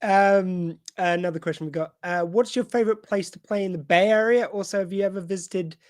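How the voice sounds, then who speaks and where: A podcast host chats with a guest in a playful, teasing way and slips in dry asides between questions. The voice sits at a middle pitch. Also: fairly quick, darkish tone. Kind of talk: casual interview.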